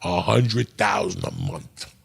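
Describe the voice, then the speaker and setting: Guy in his middle years, raspy husky voice, cussing his way thru a story. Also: on the low side, slow. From New Jersey. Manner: profane, animated storyteller. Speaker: podcast guest. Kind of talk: casual storytelling.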